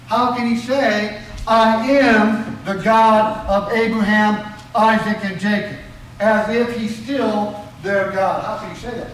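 A high-pitched man preaching a sermon, his voice heard from a distance in a very echoey hall. He fires questions at the congregation and answers them himself with emphatic rises and drops. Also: a little hiss or hum.

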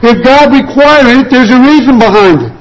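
High-voiced preacher man. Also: lively intonation, normal speed, dull audio. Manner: preaching with rhetorical questions, scripture quotes and repetition. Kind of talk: sermon.

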